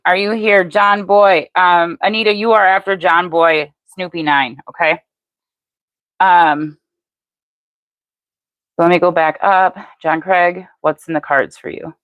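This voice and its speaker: Low, even-voiced older woman reading tarot. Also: no room sound. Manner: even, matter-of-fact delivery; chatty, talks to viewers by name. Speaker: tarot reader. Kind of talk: live-stream tarot reading.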